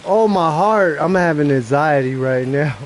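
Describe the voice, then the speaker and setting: A man streaming a live game, chatting casually and breaking into nervous, excited exclamations as he plays. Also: on the high side, measured pace, a little hiss or hum, rough recording. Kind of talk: live gameplay commentary.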